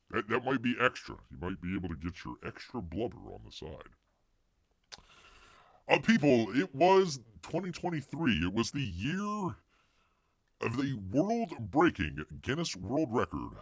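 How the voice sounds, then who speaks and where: Gravelly rambling man hosting a livestream. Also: medium pitch, no echo, studio quality. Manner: rambling, jokey, refers to himself as Bear in third person. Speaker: livestream host. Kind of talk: casual news chat reading out chat.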